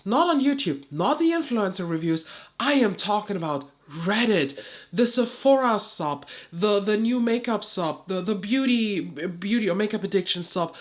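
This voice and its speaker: A woman with a nasal, stuffy voice, chatting candidly to camera as a beauty vlogger, swearing now and then. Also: medium pitch. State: stuffy nose, sweating. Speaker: beauty youtuber. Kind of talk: casual chat to camera.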